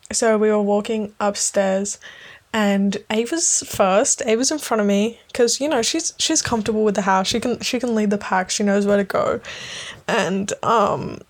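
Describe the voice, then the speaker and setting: A woman chatting alone in a loose, late-night ramble, piling up fillers and casual swearing. She breaks into giggles easily and drops her voice to a hush now and then. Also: mid-range voice. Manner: drops to a hushed voice at times. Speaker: podcast host.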